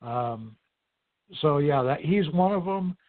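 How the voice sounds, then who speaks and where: A man's voice: on the high side, lively intonation, slow. A man, a paranormal investigator and guest, speaking in a plain, easygoing way in an interview. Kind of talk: casual interview. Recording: tinny phone-like call line.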